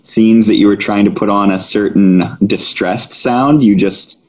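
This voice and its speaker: A man on a casual podcast chat, making wry, teasing remarks. He talks slowly in a very low voice. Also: a little mellow. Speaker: podcast guest.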